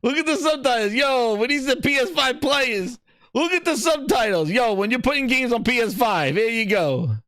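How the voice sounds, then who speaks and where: Man, high lively voice, excitable, swearing, gaming stream reaction, dry sound. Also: normal speed, no echo. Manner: excitable, laughing, profane, repetitive. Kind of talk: live stream reaction commentary.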